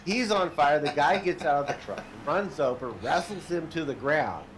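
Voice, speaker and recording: A man telling a long, funny anecdote in casual chat, shouting out the quoted lines with gusto. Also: on the high side, normal speed, slight background noise. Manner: animated storyteller, shouts quoted lines, laughs at own stories.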